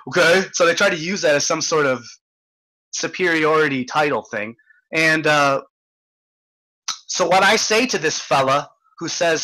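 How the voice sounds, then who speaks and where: A man's voice: on the high side, measured pace, pauses often, pushed and bright, low-quality recording. A man hosting an online hangout, ranting in casual chat, swearing and restarting often. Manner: profane, ranting, stammering restarts. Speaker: host.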